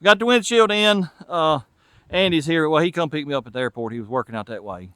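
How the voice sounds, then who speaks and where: Speaking a little fast in a high, slightly bright, clean voice, a man from Tennessee talks casually to the camera while repairing an old truck in his garage. The Southern-accented mechanic and channel host thinks aloud as he works, and there's no room sound.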